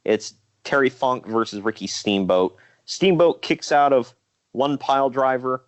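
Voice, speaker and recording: A man co-hosting a podcast, casually recapping old wrestling shows in a rambling, relaxed way with fillers. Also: mid-range voice, unhurried. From Ohio. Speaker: podcast co-host.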